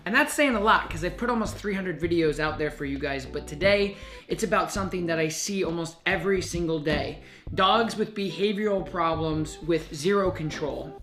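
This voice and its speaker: A man's voice: on the high side, a bit bright. A man working as a dog trainer, hosting a casual video lesson with an upbeat, chatty delivery. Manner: upbeat, chatty, loose with fillers and asides. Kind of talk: casual video lesson, talking to camera and a client.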